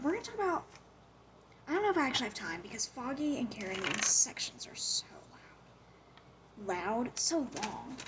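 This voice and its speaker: A young woman talks casually, gossiping through a TV show's plot. Her voice sits a little above the usual woman's pitch. She tells the story with animated energy and fills it with "like" and quick quoted lines. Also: background noise. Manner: chatty, animated retelling full of "like" and acted-out quotes. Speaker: show recapper. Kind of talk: casual chat recapping a TV show.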